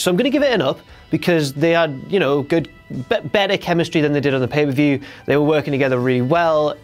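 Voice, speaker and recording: Chatty young man with music. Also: fairly high pitch. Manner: jokey, chatty, breaks into silly impressions. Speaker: host of a wrestling recap show. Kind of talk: casual chat, recap.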